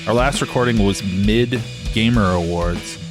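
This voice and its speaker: A man's voice: fairly low pitch, measured pace, music in the background. A man co-hosting a gaming podcast, joking and rambling with lots of fillers, talking into a desk mic. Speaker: podcast co-host. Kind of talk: casual gaming podcast chat. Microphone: studio mic at desk.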